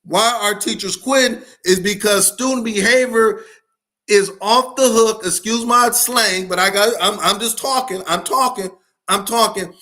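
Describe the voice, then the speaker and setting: High bright-voiced guy, aave, fired up and preachy, keeps repeating himself. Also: unhurried. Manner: fiery preacher-like delivery, repetitive exhortations, slangy. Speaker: podcast host, school leadership speaker. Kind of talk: live-streamed motivational talk.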